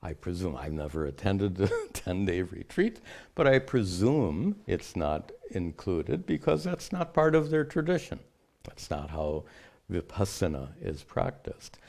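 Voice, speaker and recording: Guy teaching, deep voice that rises and falls a lot, explains things slow and careful. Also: big pitch swings, vocal fry, darkish tone. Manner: measured and explanatory. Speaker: spiritual teacher answering questions. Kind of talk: unscripted teaching talk.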